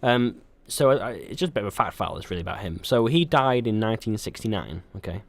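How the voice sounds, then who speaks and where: A man's voice: fairly low pitch, animated, fast, dry recording. A young man co-hosting a podcast in casual chat, rambling with frequent ums and restarts. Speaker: podcast co-host.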